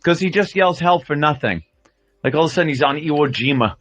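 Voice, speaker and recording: A man's voice: a little high, expressive, fast talker, a bit bright, no echo. A man hosting a radio show, telling crude, rambling stories in studio banter. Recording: dull lo-fi broadcast audio.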